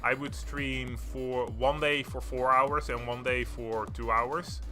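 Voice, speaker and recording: A man's voice: medium pitch, fairly even intonation, takes it slowly, sharp tone, soft background music. A man streaming a video game live, chatting casually and swearing now and then. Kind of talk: live gameplay commentary.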